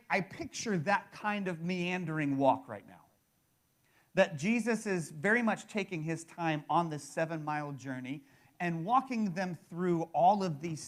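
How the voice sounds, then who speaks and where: Guy preaching, kinda high voice, chatty, keeps saying "right?" and restarting. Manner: conversational, repeats words and restarts, fills with "right?". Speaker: pastor. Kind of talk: sermon.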